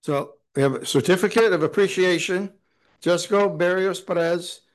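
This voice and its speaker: A man presents an award at a town council meeting in loose, folksy remarks. He jokes and hesitates with "uh" between phrases. His voice sits a bit higher than most men's. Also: normal speed, rough recording. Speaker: city official presenting an award.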